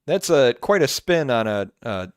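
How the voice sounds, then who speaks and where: A man's voice: mid-range voice, big pitch swings, a little slow, clean tone, dry recording, clean studio sound. A man co-hosting a casual podcast, easygoing, laughing often and dropping in short reactions. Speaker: podcast co-host. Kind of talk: casual chat.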